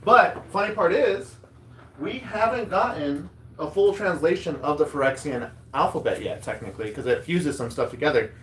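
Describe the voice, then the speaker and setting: A man's voice: a little high, expressive, moderate pace, a bit bright, a little hiss or hum. Chatty man rambling over card packs. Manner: rambling, chatty, reads card text aloud. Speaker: host opening card packs. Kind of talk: casual chat.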